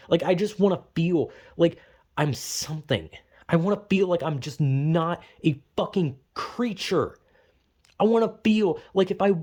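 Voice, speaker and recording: A man venting angrily in a monologue, cursing often and calling himself melodramatic, swinging between heated outbursts and low, weary muttering. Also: darkish tone. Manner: angry, profane and self-described melodramatic. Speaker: vlogger.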